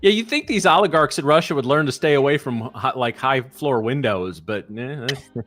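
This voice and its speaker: A man's voice: mid-range voice, moderate pace, a bit bright. A man co-hosting a live trading show, bantering casually and laughing often.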